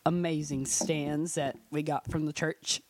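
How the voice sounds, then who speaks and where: A man's voice: a little high, little pitch movement, measured pace, no room sound. A man co-hosting a casual gaming podcast, joking and teasing his partner. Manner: jokey, teasing. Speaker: podcast co-host.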